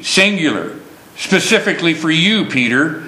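A man preaching a sermon slowly and emphatically, stressing key words. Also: on the high side, expressive, bright, forceful tone, reverberant, low-quality recording.

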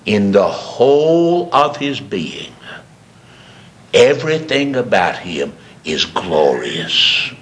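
A man preaching a sermon with passion, repeating phrases for emphasis and climbing from low murmurs to high, ringing cries. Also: sing-song, slow pace, a bit bright.

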